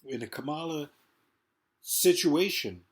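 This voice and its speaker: In a vlog, a man rambles through a profane political tirade at speed. He has a high, expressive voice with a slight roughness.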